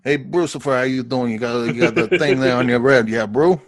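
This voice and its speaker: A man imitating a loud, breezy male debt collector who talks in an odd accent and slangy patter. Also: mid-range voice, a little fast, close to an everyday voice. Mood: swaggering.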